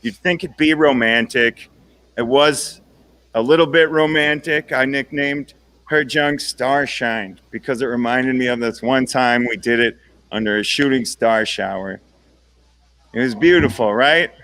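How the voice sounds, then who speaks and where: A man's voice: medium pitch, unhurried, a bit bright, no echo. A young man performing a stand-up comedy set, casual and self-deprecating, checking in with the crowd with "right?" after his jokes. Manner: conversational, self-deprecating punchlines with tag-on "right?".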